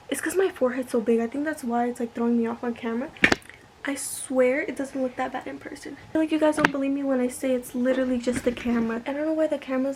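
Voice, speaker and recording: A young woman with a high voice chats through a hair-styling vlog at home. She sounds self-doubting and thinks aloud as she works, sometimes sinking to a soft whisper. The mic sits well back from her, and there is clear noise behind her voice. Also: far from the mic. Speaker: vlogger. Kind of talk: casual hair tutorial vlog.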